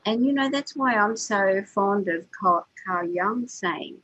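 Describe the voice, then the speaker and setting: A woman's voice: mid-range voice, slow pace, fairly bright tone, highs cut off. An older woman, a co-host on a spiritual radio show, talking earnestly and repeating words as she gathers her thoughts. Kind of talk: heartfelt spiritual chat.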